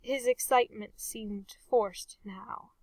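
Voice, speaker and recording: Slow, measured woman storyteller. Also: fairly high pitch, no echo. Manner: measured, expressive reading. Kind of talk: storybook narration.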